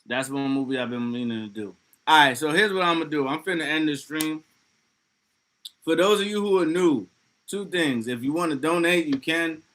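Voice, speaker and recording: A man hosting a casual livestream, talking loosely and excitably with plenty of profanity as he reads out chat messages. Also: a little high, moderate pace, poor audio. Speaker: livestream host.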